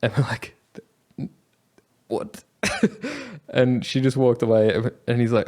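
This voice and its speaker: A man's voice: medium pitch, flat delivery, a little slow, a little mellow. A young man casually telling a travel story, rambling with many fillers and frequent laughs. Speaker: travel vlogger.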